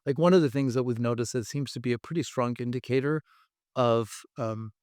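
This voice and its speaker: A man with a smooth, resonant voice speaks as a guest expert, laying out his points one step at a time with examples. The sound is dry and close, with no room around him. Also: medium pitch, brisk, darkish tone, no room sound. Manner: thoughtful, explains step by step with examples. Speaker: guest expert on language testing. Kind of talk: explanatory interview talk.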